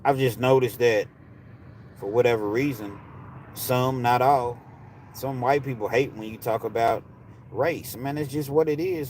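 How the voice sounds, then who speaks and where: A man hosting a live stream, talking straight to his viewers in a heated, preachy way that often rises to shouting. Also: medium pitch, a little hiss or hum. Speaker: livestream host.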